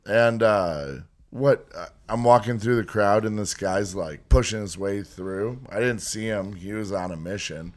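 A man's voice: lowish voice, unhurried. A man co-hosting a podcast, casually telling a rambling story with lots of swearing and laughter. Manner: storytelling, swearing, laughing through his anecdotes. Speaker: podcast co-host. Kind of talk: casual chat.

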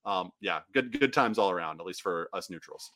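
A man co-hosting a soccer podcast, rambling in a casual chat with frequent restarts and quick laughs. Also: low voice, animated, a bit bright, dry recording. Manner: rambling, restarts often, laughs between phrases. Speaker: podcast co-host.

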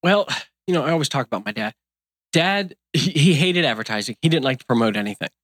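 A man's voice: mid-range voice, lively intonation, quick pace, a bit bright, dry recording, clean studio sound. A man in his fifties who owns a donut shop, talking in a casual interview in an earnest, folksy, rambling way. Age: 50s.

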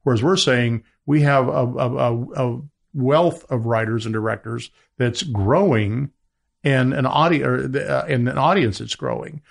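Gravelly male business guest. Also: a little slow. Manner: rambling, many restarts, pitching business. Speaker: media entrepreneur guest. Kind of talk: interview.

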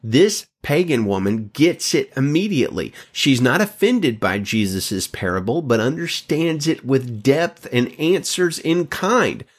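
A man's voice: medium pitch, very animated, unhurried, hardly any pauses, breathy edge. A man giving a devotional Bible talk as a teacher, emphatic and stretching key words.

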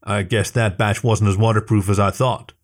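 A man voicing a clumsy male hoofed suitor in a storybook reading, with a gruff, grumbling delivery. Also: lowish voice, fairly even intonation, normal speed, natural voice.

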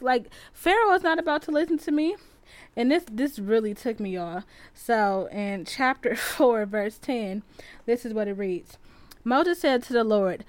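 A young woman from the west side of Chicago, hosting a faith podcast in a chatty, animated way and retelling Bible stories in everyday slang. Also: fairly high pitch, normal speed, no echo. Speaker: podcast host. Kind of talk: casual faith podcast talk.

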